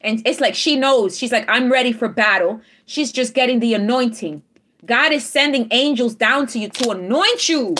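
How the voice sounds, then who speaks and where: A woman's voice: a little high, normal speed, a bit bright, a little hiss or hum. A woman giving a live tarot reading to her viewers, emphatic and repetitive, checking in with them often. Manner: emphatic, repeats affirmations, checks in with "all right?". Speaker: tarot reader.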